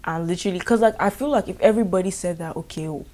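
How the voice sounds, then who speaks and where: A young woman with a Nigerian accent tells a storytime vlog, lively and exasperated. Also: medium pitch, rapid-fire. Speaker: vlogger.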